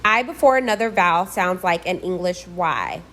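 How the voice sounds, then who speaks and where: A woman reading a scripted pronunciation lesson, slowly and deliberately modelling each sound for learners. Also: on the low side, animated, a bit bright, slight background noise. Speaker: language teacher.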